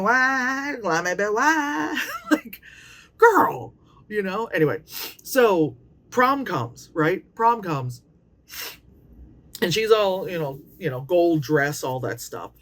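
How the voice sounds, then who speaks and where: A woman in her late thirties giving a casual, profane movie review, animated and often mocking characters in put-on voices. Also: mid-range voice. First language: Chinese. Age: late 30s.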